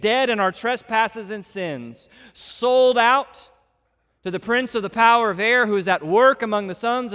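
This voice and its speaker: A pastor preaches a sermon to his church, swinging between loud, emphatic passages and soft, hushed ones. His voice sits high, and the sound carries the feel of a big room.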